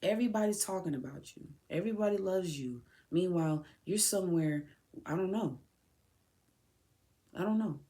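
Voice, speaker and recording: A woman's voice: lowish voice, normal speed, warm tone. A woman podcast host speaking directly to her son, raw, tearful and heartfelt. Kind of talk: emotional personal address to her son.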